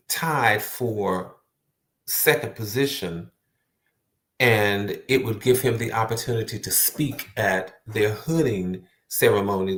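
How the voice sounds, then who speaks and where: A man giving an earnest, emphatic motivational talk to the viewer, repeating words for stress. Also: on the low side. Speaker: motivational speaker. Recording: roomy echo.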